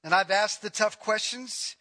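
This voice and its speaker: A male pastor preaching a sermon in a high, bright voice. He is emphatic and swings between loud declarations and hushed, quiet passages. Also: a little slow.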